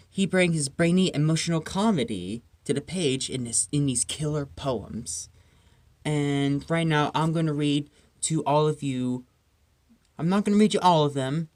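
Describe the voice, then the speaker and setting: Lively, slow-paced poetry reader. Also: medium pitch, dry recording. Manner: animated, playful reading with sudden loud and whispered turns. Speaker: channel host reading poems. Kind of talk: reading comic poems aloud.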